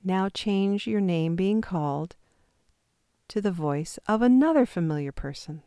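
Woman intuition teacher, patient guided exercise, slow and dry. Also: on the low side, clean tone, no room sound. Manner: calm, patient step-by-step instructions.

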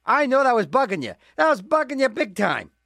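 A man's voice: very high voice, big pitch swings, fairly quick, creaky, a bit bright, no echo, studio quality. A man hosting a request radio show, talking in a rambling, jokey way with self-mocking asides. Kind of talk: casual radio DJ patter.

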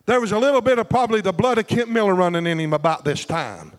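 A man's voice: sits high, expressive, fast talker, big-room sound. A man preaching a fervent, rhythmic sermon, calling out to his congregation for replies. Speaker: pastor.

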